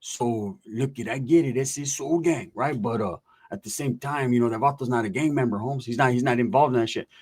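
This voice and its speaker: A man doing a calm older peacemaker. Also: fairly quick, hardly any pauses, slightly rough, lightly acted. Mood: placating. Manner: calm, low-key, reasoning.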